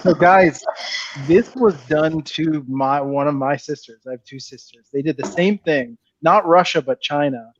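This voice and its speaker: Teasing man, somewhat high, lo-fi. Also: a little slow. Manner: teasing, playful jokes. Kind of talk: casual comedic banter.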